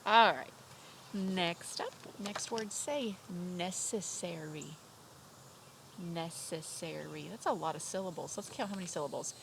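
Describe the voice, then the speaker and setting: A young woman teaching vocabulary to kindergarteners from home, slow and clear with a sing-song, drawn-out delivery. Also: medium pitch, animated, noisy background. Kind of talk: remote vocabulary lesson for young children.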